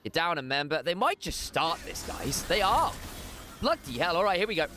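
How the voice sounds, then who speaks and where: A man doing live play-by-play esports commentary, jokey and excitable, on a headset mic. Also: on the high side, slight background noise. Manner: excitable, jokey, rapid shifts from chatty to shouting. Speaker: esports caster.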